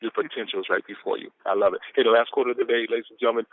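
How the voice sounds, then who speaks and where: A man's voice: mid-range voice, steady tone, racing, few pauses, dry recording. A man calling in to a motivational conference call, exuberant and preachy, whooping and repeating lines. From Atlanta, Georgia. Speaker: caller reading quotes of the day. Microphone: phone. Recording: phone line.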